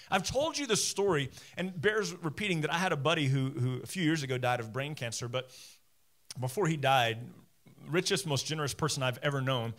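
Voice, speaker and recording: A man preaching a sermon from a church stage as the teaching pastor, talking straight to his listeners with self-deprecating humor. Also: a little high. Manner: conversational, animated, talks straight to listeners.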